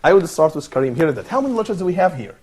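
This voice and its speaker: A man's voice: on the high side, sing-song, rapid-fire, a little mellow, husky. A man teaching an online Arabic lesson, patient and encouraging, repeating words and praising his students.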